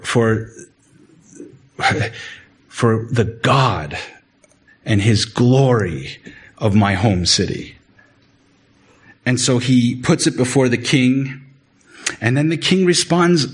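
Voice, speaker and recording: A man preaching a sermon in an earnest way, often repeating words and rising in pitch to stress a point. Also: expressive, takes it slowly, long pauses, breathy edge. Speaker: pastor.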